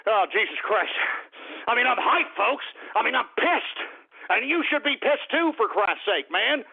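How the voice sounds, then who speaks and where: A man hosting a talk radio show, delivering an angry, shouting political rant full of swearing. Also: extremely high pitch, sing-song, slow, vocal fry, breathy edge. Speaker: radio host. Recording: phone-like lo-fi radio sound.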